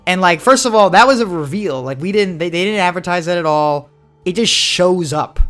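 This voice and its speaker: A young man co-hosting a podcast, chatting casually and animatedly, slipping into quick voiced impressions. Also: high-pitched, expressive, a bit bright, faint music behind. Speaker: podcast co-host. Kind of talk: casual chat.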